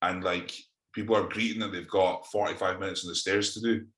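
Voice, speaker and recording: Low-voiced Scottish man, sweary and laughing. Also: little pitch movement, brisk, a bit bright, reverberant. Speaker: podcast co-host. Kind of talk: casual chat.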